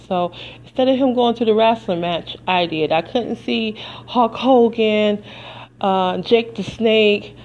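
A woman's voice: mid-range voice, muffled recording. A woman hosting a podcast, speaking in earnest, preacherly commentary and fighting back tears. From United States. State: tearful. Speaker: podcast host. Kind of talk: emotional personal commentary.

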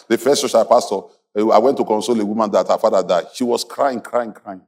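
A man preaching a sermon as a pastor, animated, laughing often and calling on the congregation to repeat after him. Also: lowish voice, brisk. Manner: animated preaching with call-and-response and frequent laughter.

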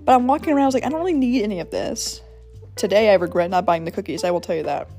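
A woman's voice: medium pitch, racing, mellow, soft background music. A young woman hosting her own podcast, telling a rambling personal story in a casual, chatty way with lots of fillers and self-corrections. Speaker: podcast host.

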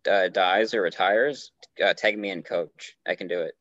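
Podcast co-host, low male voice, animated and joking, dry lo-fi sound. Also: moderate pace, no echo. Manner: joking, loose, tipsy-sounding. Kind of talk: casual chat.

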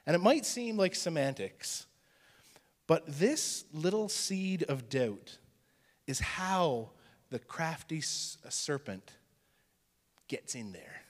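A male pastor preaching a sermon in a conversational teaching style, dropping to a hushed voice for emphasis. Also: on the high side, lively intonation, slow, pauses often, in a large hall.

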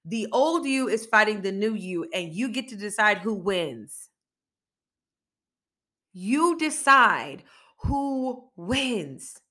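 Bright, emphatic motivational podcast woman. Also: mid-range voice, big pitch swings, slow pace. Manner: emphatic, repetitive preaching cadence; casual, faith-infused encouragement. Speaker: podcast host.

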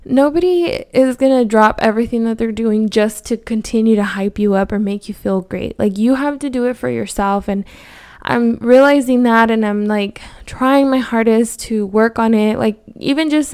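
A podcast host in her thirties speaks in a slightly high, slightly mellow and smooth voice. Her personal monologue is candid and heartfelt, full of fillers, and her voice cracks with emotion.

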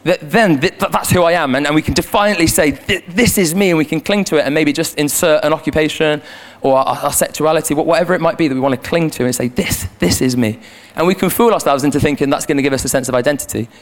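A man's voice: a little high, rapid-fire. A young man giving a conversational sermon in church as a youth leader, earnest and prone to repeating words as he restarts his sentences, speaking into a handheld microphone.

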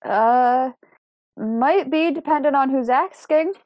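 Woman player doing a cautious, dry-humored young woman, bright and close-miked. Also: sits high, slow pace, no echo, pitched above the performer's own voice. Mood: wary. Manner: wry, hesitant, filler-heavy.

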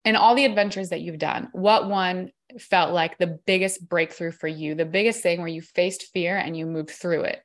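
A woman's voice: on the low side, fairly even intonation, normal speed, few pauses. A woman hosting a podcast interview, chatty and bubbly, often acting out what people said to her. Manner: bubbly, chatty, acts out quotes. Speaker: podcast host. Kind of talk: casual interview chat.

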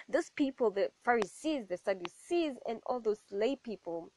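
A young adult woman giving a personal faith testimony in an animated storytelling way, acting out what other people said to her. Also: medium pitch, dry recording. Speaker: testimony speaker.

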